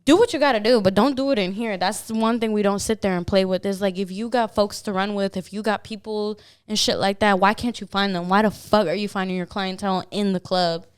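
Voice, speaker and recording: Young woman, smooth clear voice, blunt and profane storyteller, casual podcast chat. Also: medium pitch, fairly even intonation, fairly quick, few pauses. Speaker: podcast guest, dancer.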